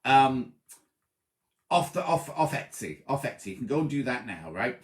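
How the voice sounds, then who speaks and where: A man's voice: medium pitch, moderate pace. A man hosting a casual sewing show, chatting and reading out viewers' greetings. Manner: chatty, reads out viewer greetings with lively asides. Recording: roomy echoey room.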